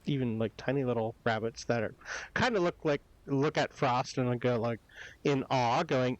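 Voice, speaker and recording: A man's voice: medium pitch, moderate pace, no echo, dull audio. A man narrating as game master for a tabletop game, rambling with many hesitations.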